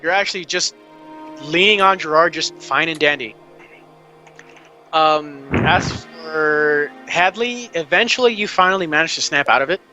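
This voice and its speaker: A man acting as game master, narrating a tabletop game in a halting way full of fillers. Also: fairly high pitch, pushed and bright, faint music behind.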